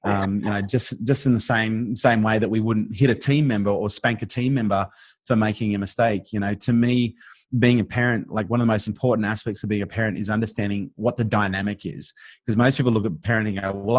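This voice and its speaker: A man's voice: on the low side, steady tone, a little fast, no room sound. A middle-aged Australian man talking bluntly as an interview guest, swearing freely in casual chat. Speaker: interview guest, business strategist.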